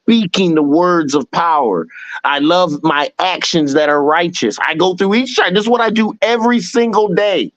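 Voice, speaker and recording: A man's voice: high-pitched, moderate pace, hardly any pauses, a bit bright, no echo. A man in casual spiritual chat, talking through his meditation in chanted, repeated affirmations.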